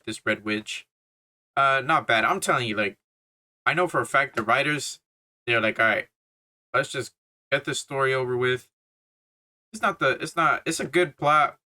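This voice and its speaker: A young man reviews a movie in a loose, rambling way, swearing often and piling on fillers and slang. His voice is bright and forward, at a middle pitch. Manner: swears a lot, laughs, filler-heavy slang.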